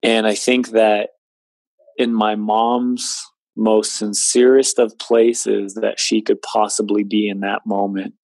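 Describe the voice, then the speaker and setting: Low-voiced guy telling his story, earnest, lots of "you know", dry close sound. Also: vocal fry, a little mellow, no echo. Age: 20s. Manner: earnest, conversational, with many fillers. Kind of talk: personal testimony in conversation.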